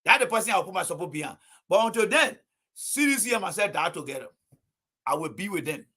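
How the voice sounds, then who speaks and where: A man's voice: sits high, animated, quick pace, sharp tone, slightly rough. A man giving emphatic, preachy livestream political commentary, hammering his points home by repeating them.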